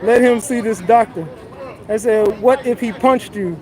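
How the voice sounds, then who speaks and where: A man's voice: high voice, measured pace, darkish tone, a faint crowd. A man doing casual livestream commentary outdoors on a city street, joking loosely and reading his chat aloud into a phone.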